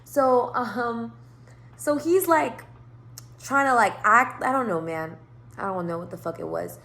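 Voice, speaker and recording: A woman's voice: on the high side, measured pace, vocal fry. A young woman telling a storytime vlog in a casual, profane rant, acting out the people she quotes. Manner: animated, profane, acts out quoted lines. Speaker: vlogger.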